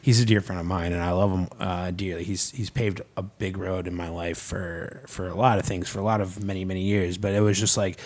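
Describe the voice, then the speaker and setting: A man in casual podcast chat who swears freely and tells animated stories, acting out what other people said. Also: low-pitched, brisk, hardly any pauses. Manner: profane, animated storytelling with acted-out quotes. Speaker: podcast guest, nonprofit founder.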